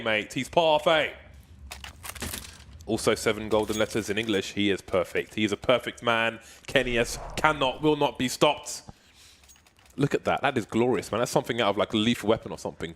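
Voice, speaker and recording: A man doing esports play-by-play with a joking, playful manner, drawing some lines out slowly and shooting up high on exciting calls. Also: a little hiss or hum. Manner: jokey, playful, shifts between slow drawled lines and high excited calls. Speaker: esports commentator.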